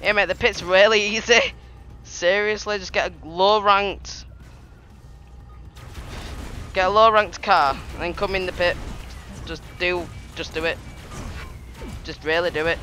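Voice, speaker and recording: A man giving excitable, trash-talking commentary over his gameplay, laughing often. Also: high-pitched, moderate pace, soft background music. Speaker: gaming YouTuber.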